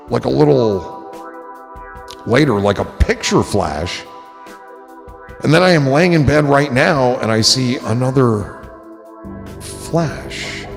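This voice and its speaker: A man's voice: medium pitch, vocal fry, in a large hall. A man hosting a casual livestream, reading out chat comments and riffing on them in a rambling, joking, profane way. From New Jersey.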